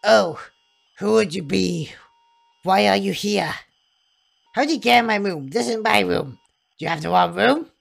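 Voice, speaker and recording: Woman voicing a frail, muddled old mother, fretful and quavering, raspy gravel in the voice. Game dialogue read aloud. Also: medium pitch, unhurried, long pauses, pitched above the performer's own voice. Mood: frightened.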